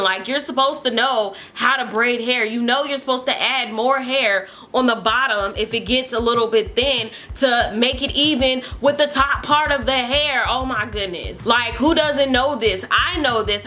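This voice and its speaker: Young woman, bright tense voice, a bit high, exasperated chatty vlogging, faint music behind. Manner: exasperated, chatty, full of fillers. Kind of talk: storytime vlog.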